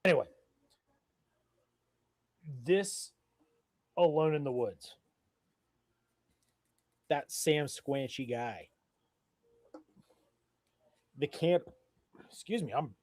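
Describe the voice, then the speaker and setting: A man's voice: on the high side, lively intonation, very slow, long pauses, darkish tone, dry recording. A man co-hosting a casual live drinking stream, rambling and swearing, a little drunk and burping between thoughts. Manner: rambling, profane, loose and tipsy. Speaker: co-host of a live beer-tasting stream.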